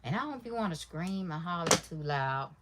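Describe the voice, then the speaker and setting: A woman chatting casually to her livestream viewers while sewing, deliberately keeping her voice quiet and soft, calling them y'all and baby. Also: lively intonation, very noisy. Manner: talks low and soft on purpose. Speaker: livestream crafter.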